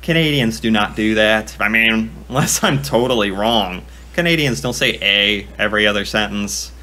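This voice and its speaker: A man's voice: on the low side, normal speed, sharp tone. A young man giving casual reaction commentary, chatty and self-mocking, thinking aloud as he talks. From United States. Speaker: reaction video creator.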